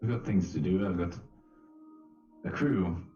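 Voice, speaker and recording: A man's voice: low voice, measured pace, dark tone, faint music behind. A man playing his character in a tabletop game, answering the game master in a brusque, impatient way. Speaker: player. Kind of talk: in-character tabletop role-play. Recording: distant, roomy, muffled mic.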